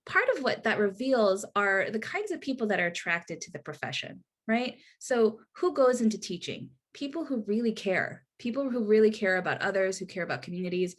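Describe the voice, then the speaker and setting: A woman's voice: medium pitch, fairly bright tone. A woman presenting a workshop over a video call, earnest and conversational, with frequent restarts and a tag of "right?". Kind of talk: online workshop talk.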